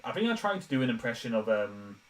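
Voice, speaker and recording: A young man with a medium-pitched, sing-song voice talks quickly and sits far from the mic in a rough recording. He chats casually on a live stream while animating from his home room with the window open, often laughing at himself, his throat slightly dry.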